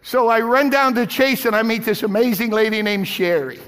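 A man's voice: high voice, moderate pace, a bit bright, smooth, in a large hall. A male pastor preaching a sermon with impassioned, repetitive emphasis. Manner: impassioned, repeating phrases for emphasis.

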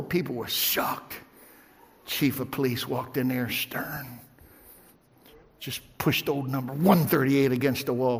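A man preaching a sermon as pastor, telling a story in hushed tones and then rising to fervent, shouted encouragement. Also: mid-range voice, fairly even intonation, unhurried, creaky, long pauses, long reverb tail. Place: church sanctuary.

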